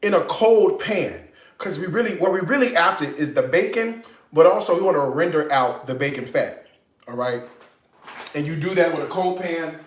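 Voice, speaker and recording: A man's voice: on the high side, animated, moderate pace, reverberant. A man hosting a home cooking demo, chatty and playful, with teasing jokes between steps. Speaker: cooking show host. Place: home kitchen.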